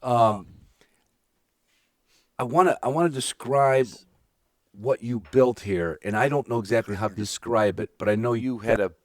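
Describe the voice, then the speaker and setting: A man from Illinois chats loosely as a podcast host, joking and circling back on himself as he goes. His voice sits at an ordinary middle pitch. The sound is close and dry, with little room around it. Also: normal speed, pauses often, dry recording. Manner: rambling, jokey, talks over himself. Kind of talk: casual podcast chat. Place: indoors at a hunting preserve.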